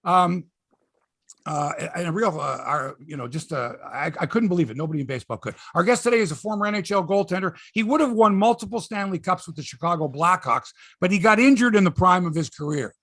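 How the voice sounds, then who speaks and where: A man's voice: sits high, fairly quick, no echo, studio quality. A man with a Canadian accent hosting a sports talk show, telling stories animatedly and swearing freely. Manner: lively storyteller, swears, mimics others. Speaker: host.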